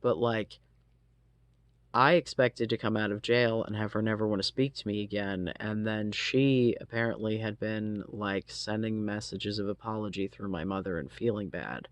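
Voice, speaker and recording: A man's voice: on the low side, steady tone, moderate pace, no room sound. A man telling a personal story casually, rambling with lots of fillers and frequent swearing. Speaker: storytelling vlogger.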